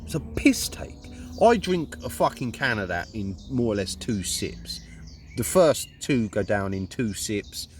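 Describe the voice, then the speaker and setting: A man's voice: fairly low pitch, expressive, measured pace, a little hiss or hum. A man with a Luton accent delivering a rambling, indignant monologue, swearing constantly. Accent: English, Luton. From Luton, England. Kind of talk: profane ranting monologue.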